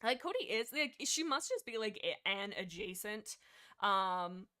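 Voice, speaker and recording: A young woman hosting a casual book discussion livestream, rambling excitedly with many fillers and restarts. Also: medium pitch, unhurried, smooth. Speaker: livestream host.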